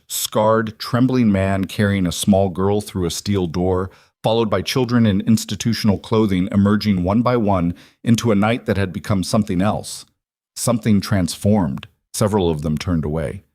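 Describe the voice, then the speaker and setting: A man reading a scripted dramatic story in a measured, somber way. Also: lowish voice, a little mellow, no echo, clean studio sound. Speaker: narrator.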